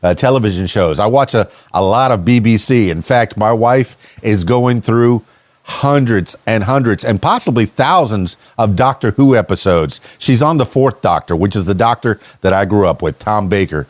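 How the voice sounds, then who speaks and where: Low-voiced American podcast host, rambling. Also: male voice, expressive, moderate pace, dry recording. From United States. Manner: rambling, curious, hesitant with many restarts. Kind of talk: casual interview.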